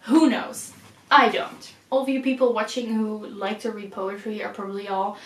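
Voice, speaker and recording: A woman's voice: mid-range voice, flat delivery, moderate pace. A woman casually vlogging about reading, chatty and self-deprecating, often laughing at her own confusion. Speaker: book vlogger.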